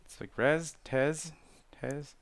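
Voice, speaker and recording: A man talking casually about movies, animated, laughing often and acting out lines from the films. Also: a little high, takes it slowly, gravelly, smooth, dry recording. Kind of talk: casual chat.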